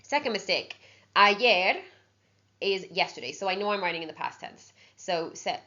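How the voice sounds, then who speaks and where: A woman's voice: lowish voice, brisk, a bit bright. A woman teaching an exam-prep language lesson, explaining patiently step by step and checking in with frequent "okay"s. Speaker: Spanish teacher. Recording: dull lo-fi sound.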